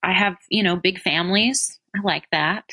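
Woman guest, lowish bright voice, chatty and self-deprecating, close dry mic. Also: moderate pace, slightly rough, dry recording. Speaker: interview guest. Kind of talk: casual conversational interview.

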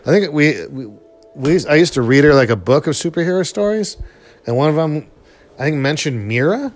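A man's voice: a little high, animated, moderate pace, soft background music. Rambling middle-aged man, casual commentary. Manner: rambling, lots of fillers, chuckles often. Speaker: film commentator.

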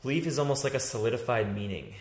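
A man hosting a casual talk, telling stories in an animated, rambling way and acting out his own thoughts. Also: mid-range voice, fast. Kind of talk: casual chat. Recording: roomy echo.

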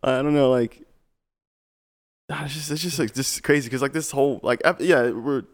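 A young man co-hosting a casual podcast, talking with lots of fillers and laughing quickly. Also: mid-range voice, steady tone. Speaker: podcast co-host. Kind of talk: casual chat.

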